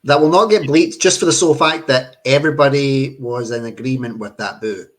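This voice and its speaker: A man's voice: mid-range voice, brisk. A man co-hosting a casual podcast, blunt and swearing casually. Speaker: podcast co-host and content creator. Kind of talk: casual chat.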